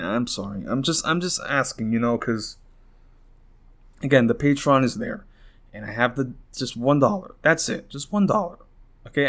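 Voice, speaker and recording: A young man hosting a podcast, venting in a rambling, frustrated rant full of swearing and restarts, worn out and close to tears. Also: medium pitch. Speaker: podcast host.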